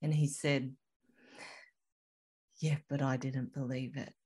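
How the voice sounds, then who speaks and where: A woman recounting a personal experience in a slow, reflective, soft-spoken way as a guest in an interview. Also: rumbling low, little pitch movement, slightly rough. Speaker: guest telling her story.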